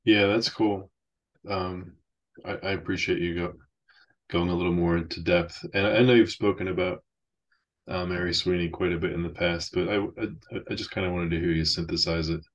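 Deep-voiced hesitant man, muffled audio. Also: fairly even intonation, moderate pace. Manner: hesitant, many fillers. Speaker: interviewer, host. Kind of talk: casual conversation.

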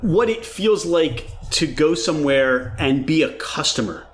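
Male host, high and animated delivery, asks curious follow-ups in a casual chat. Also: measured pace, slight background noise. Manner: curious, jumps in with follow-up questions. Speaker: interviewer.

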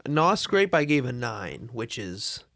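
A man co-hosts a casual podcast in an ordinary mid-range voice. He talks in a relaxed, halting way and often restarts his sentences. The sound is dry and close. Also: mid-range voice, no echo. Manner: laid-back, halting, many restarts. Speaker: podcast co-host.

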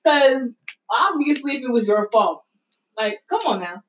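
A woman giving opinions in a casual chat in a halting way, often repeating herself. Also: fairly high pitch, lively intonation, recorded from a distance, poor audio. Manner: slow, halting, repeats words.

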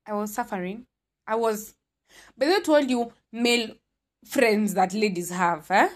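A woman's voice: medium pitch, a little slow. A young woman with a Kenyan accent telling a storytime tale, dramatic and full of exclamations as she switches between languages. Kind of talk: animated storytime.

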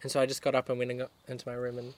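A man's voice: medium pitch, completely flat delivery, rapid-fire, a loud crowd. Rambling young man, casual chat. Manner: rambling storyteller, many fillers. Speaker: podcast co-host. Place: outdoors in a garden.

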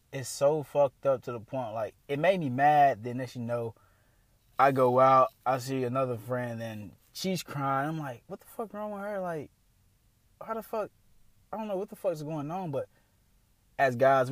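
A young man hosting his own podcast in a casual, candid monologue with features, swearing freely and getting louder and quicker when worked up. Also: mid-range voice, no echo. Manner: candid, profane, animated, speeding up and rising when worked up. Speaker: podcast host.

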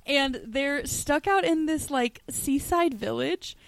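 A woman co-hosting a podcast, talking in a casual chat and telling stories in an animated way with frequent laughs. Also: sits high, slow pace, creaky, no room sound. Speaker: podcast co-host.

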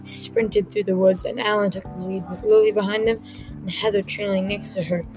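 A woman reads a story aloud in a quick, plain way, moving briskly from line to line. Her voice sits at a middling pitch. Music plays clearly underneath the whole time. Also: flat delivery, rough recording. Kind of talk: reading an original story aloud.

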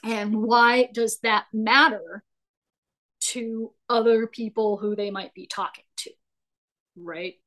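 A woman guest on a podcast, explaining business ideas in a casual, animated way, acting out little quotes and asking "right?" often. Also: fairly high pitch, slow pace, low-quality recording. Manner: animated storytelling with acted-out quotes; folksy, says "right?" often. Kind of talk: conversational explaining.

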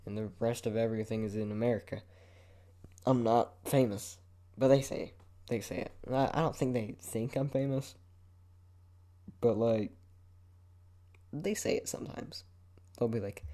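On his solo podcast, a young man talks in a loose, rambling, laid-back way, cursing frequently and shifting his head around the mic. He has a mellow, medium-pitched voice, speaks at normal speed and pauses often.

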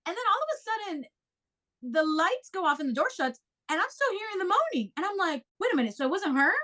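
Talking fast, a high-voiced young woman shares a story with her co-hosts in easygoing conversation. She's animated, curses without restraint, and puts on a voice for each quote.

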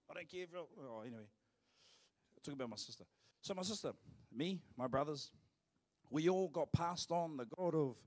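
A man from New preaches a live sermon in church. His voice sits a little higher than most men's. He leans hard on the key words, then eases into playful asides aimed at the congregation. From New Zealand. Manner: emphatic preaching, turns to joking asides with the congregation. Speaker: pastor.

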